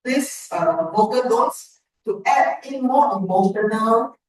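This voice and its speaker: A woman giving a measured, encouraging speech evaluation at a club meeting. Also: on the high side, animated. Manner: measured, encouraging feedback with pauses. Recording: echoey room from far off.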